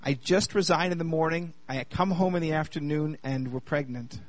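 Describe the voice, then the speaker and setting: A man from Canada in his thirties, speaking to a live audience in a fairly high voice. He banters with the crowd, then slows and softens to tell a hard personal story. The sound is dry and close. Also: no echo. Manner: lively and chatty with the audience, turning quieter while telling a hard personal story. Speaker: speaker at a youth gathering.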